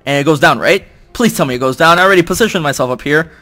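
A young YouTuber records let's play commentary at home on a desk microphone, his voice a little high. He's excitable, quick to shout and groan in frustration, and jokes at his own expense, with soft music playing in the background.

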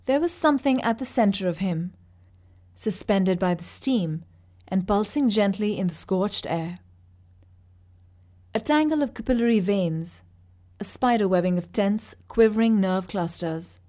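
A woman narrating fiction with a steady, vivid delivery. Her voice sits at a middle pitch for a woman. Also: measured pace. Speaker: reader. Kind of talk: audiobook narration.

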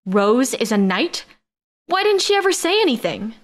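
A woman's voice: fairly high pitch, sing-song, moderate pace, pitched above the performer's own voice. A woman narrator voicing an outraged young woman who shrieks her lines, in an audiobook. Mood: shocked. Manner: shrieking, indignant.

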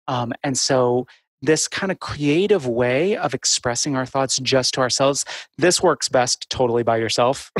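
A man co-hosting a podcast on therapy skills, explaining in a casual, animated and playful way. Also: medium pitch, no room sound. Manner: animated, playful, breaks into funny voices. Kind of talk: casual instructional chat.

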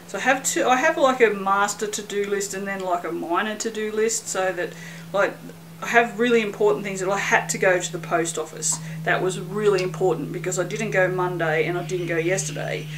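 A woman's voice: mid-range voice, a little fast, noisy background. Chatty woman vlogging. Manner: rambling, self-mocking, swears lightly. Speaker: soap maker vlogger. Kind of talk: casual chatty vlog.

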